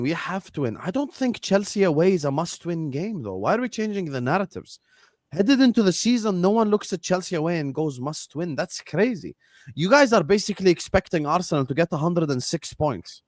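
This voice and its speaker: A man's voice: high voice, big pitch swings, fairly quick, no room sound, clean studio sound. A man in a heated casual football debate, teasing and needling the others. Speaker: football panel guest.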